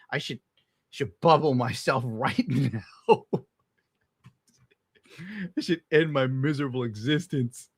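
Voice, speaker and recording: A man's voice: mid-range voice, fairly bright tone, husky, no echo, studio quality. A young adult man streaming, giving a bitter, crude, swear-heavy rant while reacting to clips. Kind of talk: casual ranting commentary.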